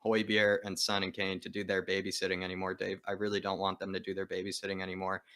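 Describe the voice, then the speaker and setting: A man's voice: low-pitched, monotone, quick pace, a bit bright. A man calling in as a guest on a fan show, talking in an emphatic, passionate way. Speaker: guest caller. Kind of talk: casual chat.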